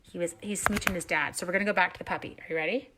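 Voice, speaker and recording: Talking very fast with fairly even intonation and a fairly low pitch, a Canadian woman chats through a live card-stamping stream over background noise. She warmly thanks viewers by name during the craft demo, calling them "my dears."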